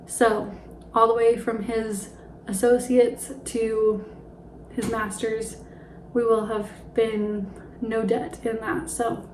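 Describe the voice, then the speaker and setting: A young woman in her twenties chats casually about money, her voice a touch high and a little out of breath. She drops in fillers and soft laughs as she goes. The room around her rings with echo. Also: a little hiss or hum. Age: 20s. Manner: chatty, with light laughs and fillers. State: slightly out of breath. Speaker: personal finance vlogger. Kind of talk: casual talk to camera.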